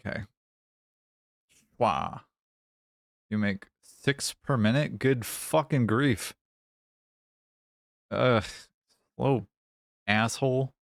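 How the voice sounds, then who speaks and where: Slow, low-voiced streamer guy swearing. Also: creaky, no room sound, clean studio sound. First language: not English. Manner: joking, swears freely, mock-apologetic. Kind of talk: casual live-stream chat while playing.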